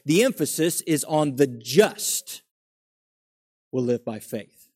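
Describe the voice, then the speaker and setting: A man preaching a sermon, reading scripture aloud slowly and then building to animated emphasis. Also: on the high side, dry recording, studio quality.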